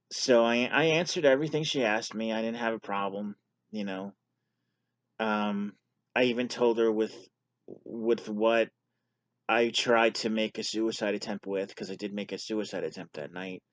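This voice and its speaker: Man, lowish voice, dry close sound, candid self-deprecating storytelling, casual vlog. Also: no room sound. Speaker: vlogger sharing his story.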